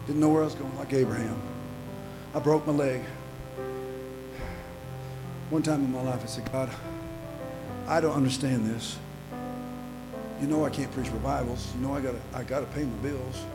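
A middle-aged man preaching a sermon as a pastor, dropping to quiet storytelling and rising to shouted, half-sung lines. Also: medium pitch, fairly even intonation, normal speed, pauses often, music in the background, poor audio.

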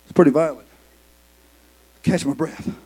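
A man preaching a fiery sermon who swings from shouts to hushed whispers and says "uh" often. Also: a little high, measured pace, slightly rough.

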